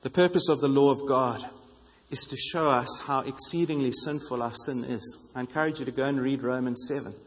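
A man's voice: mid-range voice, fairly even intonation, a little fast, husky. A man preaching a sermon in an earnest way, repeating phrases for emphasis. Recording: long reverb of a hall.

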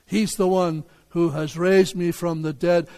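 A man voicing Lazarus as a calm man raised from the dead, telling it matter-of-factly. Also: high-pitched, a little slow. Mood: assured. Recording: long hall reverb.

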